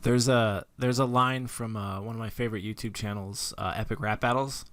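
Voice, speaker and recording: A man's voice: fairly low pitch, steady tone, a little fast, a bit bright, smooth, no echo. A young man co-hosting a podcast, chatting casually about a movie, laid-back, laughing often and swearing offhand. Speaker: podcast co-host.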